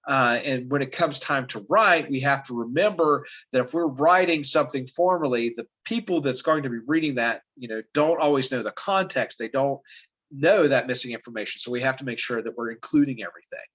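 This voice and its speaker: A man's voice: mid-range voice, brisk, fairly bright tone, muffled recording. A man teaching an online language arts class, talking loosely with many fillers and frequent "right?" checks to students. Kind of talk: casual classroom teaching over a lesson video.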